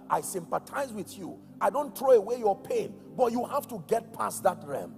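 High, gravelly Nigerian preacher in a hall. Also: male voice, big pitch swings, normal speed. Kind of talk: sermon. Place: large church hall. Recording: echoey church hall with soft music.

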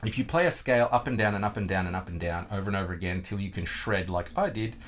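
A man's voice: low voice, fast. A man, teaching guitar in a casual video lesson, chatty and self-mocking, sometimes singing rhythms with nonsense syllables.

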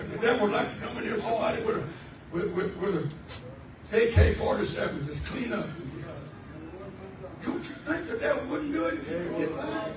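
A man preaching a fervent revival sermon, shouting out praise and repeating his lines. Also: high voice. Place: church sanctuary. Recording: echoey church hall, from far off, congregation around.

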